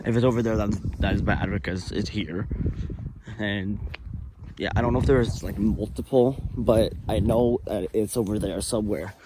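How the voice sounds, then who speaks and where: A frightened man vlogging on location, talking in a hushed, jittery voice and often half-whispering. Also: fairly low pitch, normal speed. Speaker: paranormal vlogger. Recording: loud outdoor background noise. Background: loud noise and outdoor ambience.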